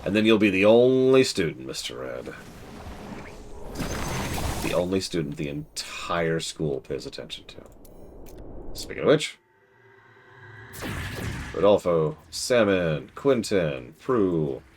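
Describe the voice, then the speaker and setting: A man's voice: deep voice, animated, a little slow, long pauses, slight background noise. A man streaming a management game, talking to his characters with sarcastic, mock-dramatic asides.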